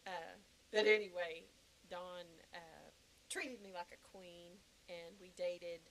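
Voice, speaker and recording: An older woman telling a personal story in a podcast interview, animated and laughing often. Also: fairly low pitch, takes it slowly, low-quality recording. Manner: animated, laughing, acting out quoted reactions. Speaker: guest.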